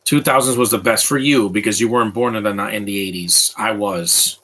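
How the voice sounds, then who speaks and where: A man's voice: lowish voice, a little fast, a bit bright, rough recording. A man in his thirties giving casual, opinionated live commentary over a movie, rambling with frequent restarts.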